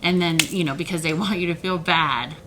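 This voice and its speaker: A woman talking straight to the camera about manipulation in a heated, animated way, sometimes mocking the voices of others. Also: on the low side, fairly quick, background noise. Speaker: self-help video creator. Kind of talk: emotional direct-to-camera talk.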